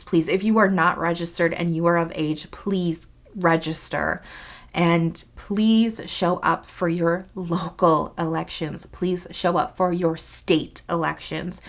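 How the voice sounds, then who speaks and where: A woman vlogger talking earnestly to camera, pleading and repeating herself for emphasis. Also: lowish voice. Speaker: skincare YouTuber. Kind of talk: earnest direct-to-camera talk.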